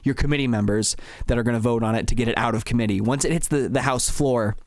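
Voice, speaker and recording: A man co-hosting a podcast, explaining things in a measured, step-by-step way. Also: mid-range voice, dry recording. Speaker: podcast co-host.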